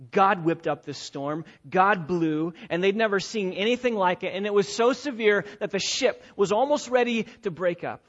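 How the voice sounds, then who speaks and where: A man preaching an expository sermon, emphatic and repetitive, swinging between loud and quiet. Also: fairly high pitch, muffled recording.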